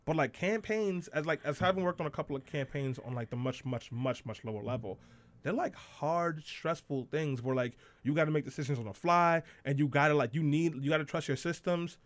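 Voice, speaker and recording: A man hosting a casual panel chat, teasing his co-hosts with quick jokes. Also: a little high. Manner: joking, teasing, quick banter. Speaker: podcast host.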